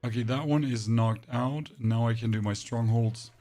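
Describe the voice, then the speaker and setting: A man streaming a game live and chatting to his viewers while playing, his voice pushed deeper and hoarse, with little emphasis. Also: moderate pace, dark tone, soft background music. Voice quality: voice pushed deeper than usual, less emphasis. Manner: chatty, rambling, talks to chat while playing. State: voice sounds off, hoarse. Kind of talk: live gameplay commentary to chat.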